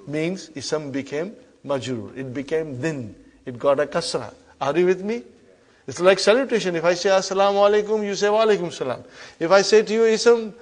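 Man, grammar teacher, slightly high voice, loud stress on key words then quiet drops, repetitive drilling. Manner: repetitive call-and-response drilling, frequent check-ins; emphatic, loud rises on key terms then soft drops. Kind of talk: classroom lesson.

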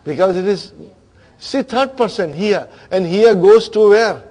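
A man's voice: sits high, unhurried, darkish tone. A man teaching a grammar class, questioning his students and checking in with them often.

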